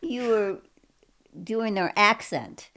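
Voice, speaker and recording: A woman joining a podcast chat from off-mic, gently correcting the host. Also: mid-range voice, slow. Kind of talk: casual chat.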